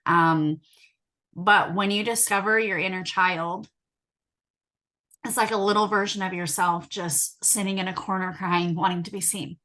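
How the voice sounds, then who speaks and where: A woman in her thirties, a hypnotherapist and inner child healer, talking earnestly and emotionally in casual conversation, slowing down on key words. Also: medium pitch, steady tone, sharp tone.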